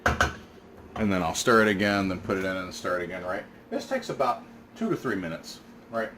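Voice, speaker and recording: A chatty man walks through a recipe at his stove and explains each step as he goes. He is miked from a distance in an echoey kitchen, and loud background noise runs under his voice. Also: deep voice, animated, moderate pace. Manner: chatty, explains as he works, asks "right?". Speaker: cooking show host. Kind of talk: casual cooking demonstration. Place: home kitchen.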